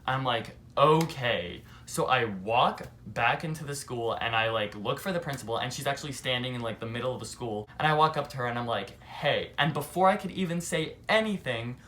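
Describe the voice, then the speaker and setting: Young man telling an animated story. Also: mid-range voice, fairly quick, few pauses, a little hiss or hum. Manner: animated, heavy use of "like". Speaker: vlogger. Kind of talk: casual storytime monologue.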